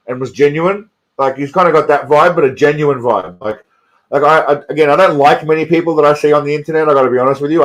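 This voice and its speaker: A tipsy man hosting a casual live stream, rambling, profane and repeating himself. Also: mid-range voice.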